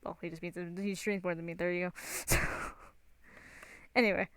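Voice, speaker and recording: A woman's voice: on the low side, flat delivery, normal speed, a bit bright, clear, resonant tone, dry recording. A young woman streamer chatting casually, giggly and full of fillers.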